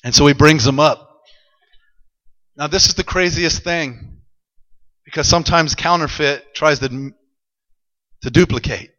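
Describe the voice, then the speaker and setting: A man preaching a sermon, retelling a scripture story in an animated, dramatic way. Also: fairly high pitch, unhurried, long pauses, long reverb tail, lo-fi sound. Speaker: pastor.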